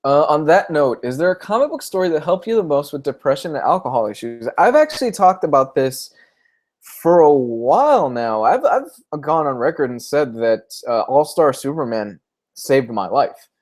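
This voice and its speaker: A man's voice: fairly high pitch, lively intonation, normal speed, a little mellow. A young man chatting casually on a livestream about comics, speaking openly and emotionally. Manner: candid, emotional, tearing up at times. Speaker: comic book vlogger.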